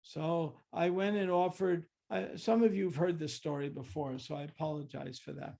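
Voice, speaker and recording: A man's voice: on the high side, fairly even intonation, normal speed, creaky, dark tone. An older man giving a reflective storytelling talk, often restarting and acting out what people said. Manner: reflective, with many restarts and acted-out quotes. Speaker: guest speaker.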